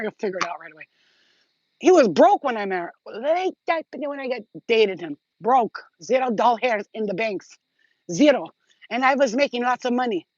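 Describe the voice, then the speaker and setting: A woman's voice: a little high, darkish tone, no room sound, dull audio. A woman hosting her own channel, telling rambling, profane stories in a casual vlog. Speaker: channel host.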